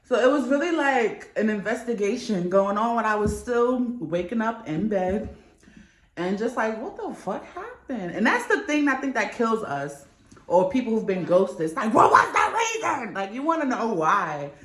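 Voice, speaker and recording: A woman's voice: on the high side, sing-song, normal speed, roomy sound. A young woman vlogging in a casual, candid chat, swearing freely as she tells a story. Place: New York.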